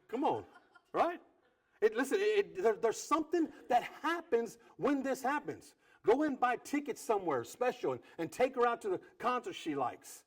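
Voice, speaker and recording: A man preaching with great energy, his pitch swinging widely from hushed, low asides to bright, high bursts. He keeps repeating phrases and acts out little dialogues between husbands and wives. His voice sits fairly high for a man. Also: husky. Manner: animated preacher, quick repetitions and acted-out quotes. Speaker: pastor. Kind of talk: sermon.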